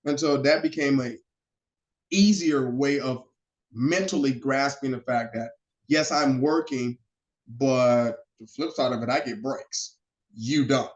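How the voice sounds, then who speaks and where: A man guesting on a podcast, telling stories in a lively, animated way and acting out the quotes. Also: medium pitch, unhurried. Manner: animated storyteller who acts out quotes. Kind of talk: casual storytelling chat. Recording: roomy, slightly dull sound.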